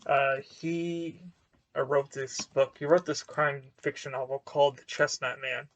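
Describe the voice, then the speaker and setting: A man's voice: mid-range voice, steady tone, a little slow, fairly bright tone, a little hiss or hum. A man giving a casual book review to camera, hesitant and full of fillers and restarts.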